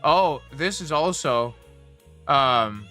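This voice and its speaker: A man's voice: medium pitch, lively intonation, extremely slow, bright, forceful tone, soft background music. Fired-up, swearing young man ranting. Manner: profane, heated and rambling. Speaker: livestream host. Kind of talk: casual livestream rant.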